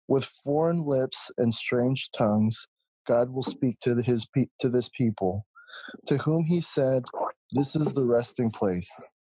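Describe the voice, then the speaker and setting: A man reading a scripture passage aloud in a steady, measured way. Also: medium pitch, breathy edge, no echo, poor audio.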